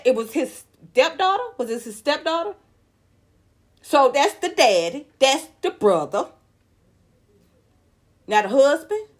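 A woman vlogger giving heated, outspoken celebrity gossip commentary, talking straight to her viewers in casual slang. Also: very high voice.

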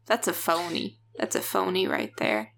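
A woman's voice: fairly low pitch, sing-song, moderate pace, creaky, fairly bright tone. A woman co-hosting a film podcast, chatting casually with short comments and frequent laughs. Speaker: podcast co-host.

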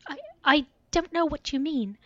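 A woman's voice: extremely high pitch, sing-song, measured pace, no echo, highs cut off, pitched above the performer's own voice, heavily acted. A woman voicing a distraught young woman whose voice quivers and breaks into sobs. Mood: tearful distraught.

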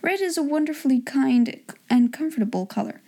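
A woman narrating a storybook in a gentle, measured reading voice. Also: high voice, animated. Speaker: audiobook narrator.

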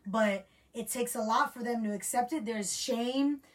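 A woman's voice: a little high, measured pace. A young woman from the United States, talking reflectively in a rambling casual chat. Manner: reflective, rambling, restarts often.

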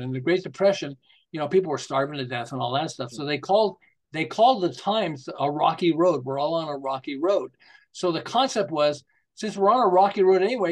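An older man, a marketing consultant, chatting as a podcast guest and telling stories with frequent laughter. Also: a little high. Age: 60s or older. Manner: animated, laughs often while telling jokes and anecdotes. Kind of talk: casual conversational storytelling.

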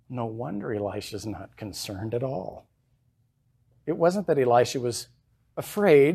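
A man's voice: medium pitch, lively intonation, fairly quick, creaky, mellow, husky. Preaching man, emphatic scripture reading. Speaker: pastor. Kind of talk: sermon. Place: church.

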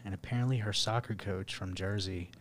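A young man, co-hosting a podcast and telling dating stories in a casual, profane, animated way. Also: deep voice, fairly quick, slight background noise. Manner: profane, animated, laughing storyteller. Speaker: podcast co-host. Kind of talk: casual storytelling.

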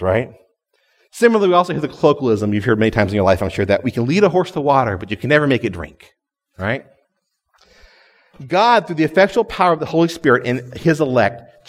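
Lively-voiced man preaching in a hall. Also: mid-range voice. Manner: conversational, often adds "right?" to check in. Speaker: guest preacher. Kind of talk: sermon.

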